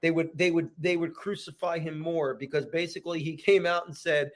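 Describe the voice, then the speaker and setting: A man's voice: fairly high pitch, moderate pace, few pauses. A middle-aged man talking earnestly as a podcast guest, repeating his phrases and tagging thoughts with "man". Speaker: guest actor. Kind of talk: casual podcast interview.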